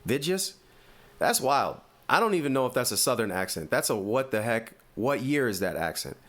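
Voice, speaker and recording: A sports podcast host from the US Northeast, this man has an East Coast American accent and a medium-pitched voice. He talks briskly, delivering animated, opinionated commentary packed with rhetorical questions.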